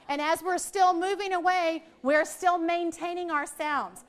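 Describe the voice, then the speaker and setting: A high-voiced woman runs a live workshop for teachers. She keeps it playful and jokes with the crowd in front of her. She also stretches out single speech sounds to demonstrate them. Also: fairly even intonation, normal speed, hardly any pauses. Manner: playful, joking with the audience, drawing out sounds. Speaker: literacy trainer presenting to teachers. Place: training room with a live audience.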